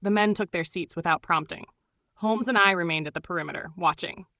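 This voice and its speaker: Low-voiced woman narrating an audiobook. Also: a little fast, pushed and bright, no echo, studio quality. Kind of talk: scripted first-person narration.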